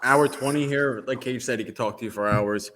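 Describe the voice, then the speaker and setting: A man's voice: medium pitch, brisk, fairly bright tone. A man co-hosting a podcast, chatting casually and teasing his guests in an upbeat way. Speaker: podcast co-host. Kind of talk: casual chat.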